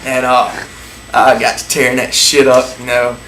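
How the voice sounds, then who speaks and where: A man spins a crude, profane date story in a relaxed drawl, often breaking into laughter at his own punchlines. His voice rings in an echoey room with a faint hiss under it. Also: mid-range voice, moderate pace.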